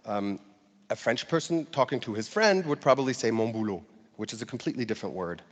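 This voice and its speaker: A man's voice: mid-range voice, expressive, fast, long reverb tail. A man giving a conversational talk to an audience, with fillers and light laughter. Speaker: speaker giving a talk on language learning.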